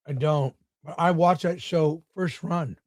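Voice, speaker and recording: A man's voice: fairly high pitch, unhurried, no echo, clean studio sound. A middle-aged man joining a live stream as a guest, chiming in casually with short remarks while he eats. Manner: offhand, chiming in while eating. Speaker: guest co-host. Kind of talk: casual remote chat.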